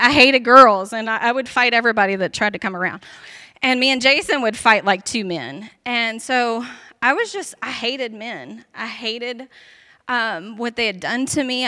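Emotional, high bright-voiced woman preaching. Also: clear, resonant tone, no echo. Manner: emotional, tearful at times; repetitive fervent prayer cadence. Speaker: guest speaker sharing testimony. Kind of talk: spoken prayer then personal testimony.

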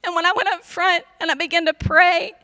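A woman's voice: extremely high pitch, steady tone, brisk, sharp tone, no room sound, clean studio sound. A woman telling her personal testimony in an earnest, emphatic storytelling way, often saying "like".

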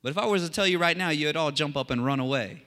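A preacher voicing Jesus as a friendly, confiding male teacher, casual and a little higher than his own voice. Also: fast talker, sharp tone. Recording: long hall reverb.

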